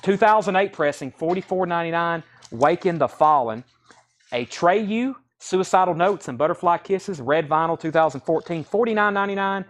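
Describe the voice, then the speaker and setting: A man hosting a live record sale, listing titles and prices in quick auction patter. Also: high voice. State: out of breath.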